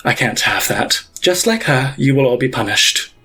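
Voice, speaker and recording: A man's voice: medium pitch, expressive, moderate pace, sharp tone, slightly rough, soft background music, exaggerated voice. Cold vengeful pontiff, as a man puts her on. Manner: menacing, clipped threats. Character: vengeful woman pontiff, cold mother of monsters.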